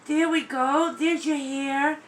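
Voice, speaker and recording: Woman doing an unboxing vlog, high voice, slow and drawn out, all gasps and gushing. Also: steady tone, slight background noise, poor audio. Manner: gushing, gasping, breathless exclamations. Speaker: vlogger unboxing a doll.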